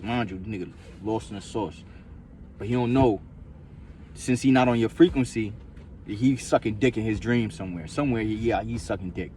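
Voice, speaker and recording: A man's voice: lowish voice, normal speed, dark tone, slight background noise. A man vlogging in a casual, rambling monologue, profane and repetitive, full of loose street slang.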